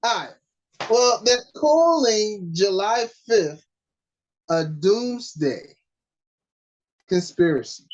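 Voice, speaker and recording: Slow-talking playful woman. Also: mid-range voice, lively intonation, a little mellow, highs cut off. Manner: playful teasing, drawn-out pauses. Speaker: podcast co-host. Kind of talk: casual chat.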